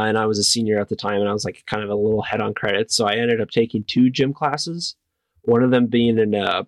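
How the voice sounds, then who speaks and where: A young man from northern Wisconsin, a cyclist, answering interview questions in a relaxed way with lots of "like". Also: fairly low pitch, no room sound. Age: young adult. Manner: relaxed, many "like" fillers. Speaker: cyclist guest.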